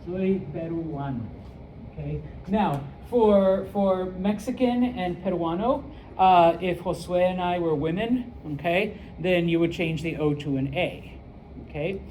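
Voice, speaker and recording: Casting: middle-aged American man, chatty classroom teacher, slightly high, mellow tone. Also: measured pace, a little hiss or hum, rough recording. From United States. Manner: chatty, rambling, full of fillers and check-ins. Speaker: Spanish teacher. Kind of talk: casual classroom lesson.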